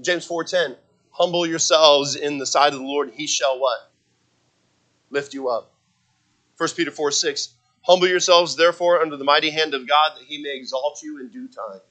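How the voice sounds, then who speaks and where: Guy preaching, bright kinda high voice, really emphatic. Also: steady tone, moderate pace, low-quality recording. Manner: emphatic preaching, rising and falling loudness, quotes scripture. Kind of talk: sermon.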